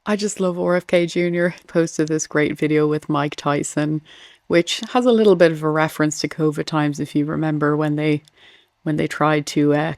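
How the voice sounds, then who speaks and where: A woman's voice: low voice, darkish tone, no room sound, studio quality. A woman hosting a casual political commentary show, reading memes aloud in a chatty, wry way. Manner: chatty and wry, with small laughs.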